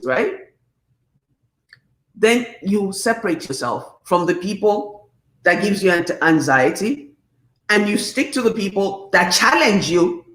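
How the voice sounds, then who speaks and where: A woman's voice: fairly high pitch, roomy sound. A woman in her fifties hosting a live talk, speaking emphatically and reading out viewers' comments. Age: 50s. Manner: emphatic, animated, preachy. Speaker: host.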